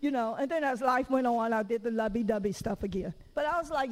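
A woman preacher giving a lively, conversational sermon in church. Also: fairly high pitch, fairly quick, hardly any pauses, big-room sound, rough recording. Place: church during a service.

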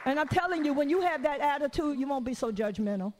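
A woman preacher giving a conversational sermon, telling stories in an animated way and acting out what people said. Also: high voice, fast talker, long reverb tail, a faint crowd, slight background noise. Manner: animated storytelling with acted-out quotes.

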